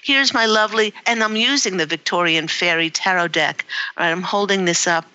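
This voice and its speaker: A woman giving a live-streamed spiritual card reading, halting and emotional, with many fillers. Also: on the low side, bright, forceful tone, highs cut off. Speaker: psychic reader. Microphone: livestream device mic.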